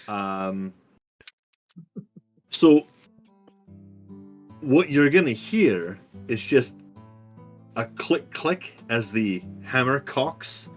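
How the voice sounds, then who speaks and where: Crude, joking man at the game table. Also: on the low side. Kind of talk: casual tabletop game chat.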